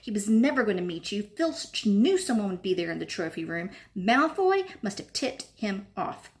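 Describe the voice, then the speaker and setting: A woman's voice: medium pitch, very animated, moderate pace. A woman voicing a bossy, clever schoolgirl who lectures and snaps. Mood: impatient. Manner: snappish, lecturing.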